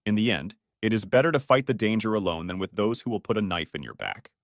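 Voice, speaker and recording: A man's voice: lowish voice, lively intonation, fast talker, no echo, studio quality. A man narrating a story recap in a scripted, dramatic storytelling manner.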